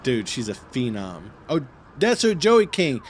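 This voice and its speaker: A man's voice: medium pitch, huge pitch swings, unhurried, slight background noise. A man working as an acting coach, chatting casually and candidly as he reacts to a music video, easily moved. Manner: chatty and candid, lots of fillers and restarts; easily moved, openly emotional.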